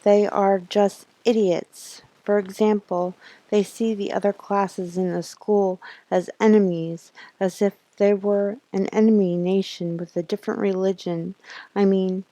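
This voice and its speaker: Sullen withdrawn schoolgirl, flat delivery, slow and low-key, read by a woman. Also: no echo, lightly acted.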